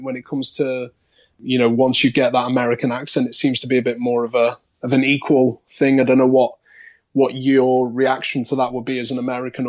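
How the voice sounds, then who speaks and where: A man's voice: mid-range voice, highs cut off. A man with a light Liverpool accent, an actor chatting as a podcast guest, thoughtful and rambling with many fillers and restarts. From Liverpool, England. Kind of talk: casual interview chat.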